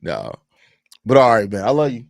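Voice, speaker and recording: A man's voice: fairly low pitch, wildly swooping pitch, normal speed, vocal fry, dry recording. A man hosting a casual live-stream sports podcast from home, talking loosely on a desk microphone, repeating phrases and reading chat questions aloud. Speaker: podcast host.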